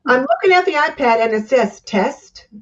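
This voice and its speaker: A woman guest on a live video call gives short, slightly unsure replies while she checks her tablet screen. Her pitch moves a lot and sits fairly high. The sound is dull and muffled, like a weak video-call line. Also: lively intonation, normal speed. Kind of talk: casual live-stream chat.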